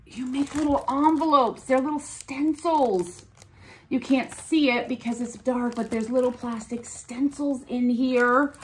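A woman's voice: sits high, fairly even intonation, unhurried, a little hiss or hum. A woman vlogging as she opens gifts, gushing and gasping with delight. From United States. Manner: gushing, gasping, breathy exclamations. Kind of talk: casual unboxing chat.

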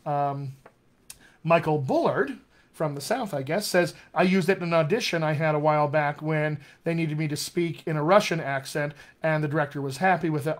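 Brief: male dialect coach on a live stream, keen, emphatic, voice sits a little high. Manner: enthusiastic, repeats key words for emphasis. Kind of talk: live-streamed teaching session.

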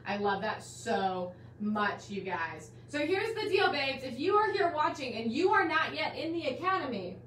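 A bubbly woman hosting a live online class, gushing over her viewers with a high, bright pitch. She sounds a bit distant from the mic, in a roomy space with a faint hiss behind her. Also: sing-song, moderate pace, few pauses. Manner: bubbly, gushing, calls viewers guys and my dear. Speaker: host of a live quilting class stream. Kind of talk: enthusiastic live-stream welcome.

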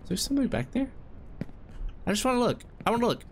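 A man's voice: sing-song, fast talker, slight background noise. Jittery man talking himself through a game. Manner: anxious self-talk, scolding and coaching himself through jumps; voice jumps up high under stress, with grunts. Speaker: gameplay commentator. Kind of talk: let's-play commentary.

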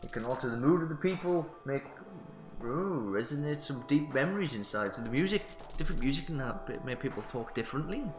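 A man's voice: mid-range voice, animated, fairly quick, close to an everyday voice. A man voicing a friendly male diner bartender who fusses over his customers. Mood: earnest. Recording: roomy sound with faint music.

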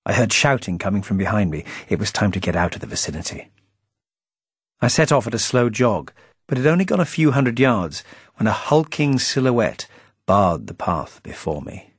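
A man reading his own novel aloud as an audiobook, narrating in a dry, wry and measured way. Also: lowish voice, very animated, breathy edge, no room sound.

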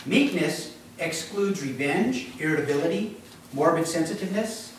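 A man's voice: on the high side, animated, normal speed, heavy reverb, recorded from a distance, a little hiss or hum, low-quality recording. A man preaching a sermon as pastor, talking conversationally, quizzing the congregation and acting out voices. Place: church.

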